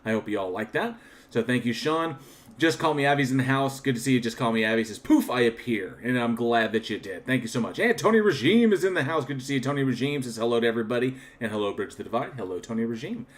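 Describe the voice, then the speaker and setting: A man's voice: mid-range voice, quick pace. A man hosting a livestream, chatting casually and thanking viewers one by one, with frequent restarts and a candid, reflective manner. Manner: reflective and candid about his channel. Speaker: livestream host. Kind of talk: casual live-chat shoutouts.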